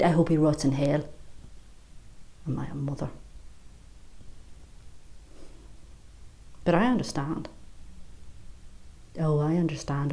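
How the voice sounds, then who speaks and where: An actress playing a bitter, fierce middle-aged Irish mother, delivering a sharp-tongued, swearing stage monologue in an Irish accent. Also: sits low. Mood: bitter, grieving.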